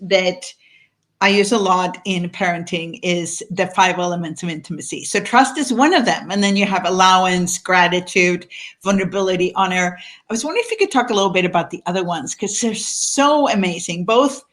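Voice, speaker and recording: A woman's voice: on the low side, normal speed, a bit bright. A woman hosting a live conversation, framing her questions casually with fillers. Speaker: host.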